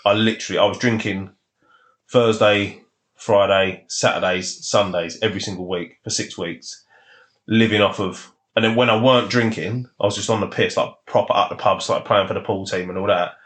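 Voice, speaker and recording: A man, a guest on a podcast, telling lively stories from his past. He swears freely and laughs as he talks. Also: on the low side, normal speed. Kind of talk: casual storytelling.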